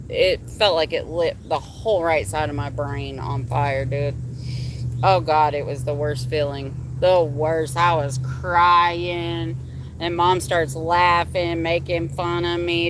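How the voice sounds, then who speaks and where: A woman's voice: on the low side, fairly bright tone, slight background noise. A young adult woman hosting a livestream, telling a candid personal story in casual, heavily profane talk. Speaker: livestream host.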